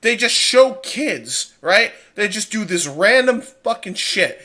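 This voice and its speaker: A man guesting on a casual streamed chat, telling rambling, animated stories. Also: high-pitched, takes it slowly. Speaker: podcast guest.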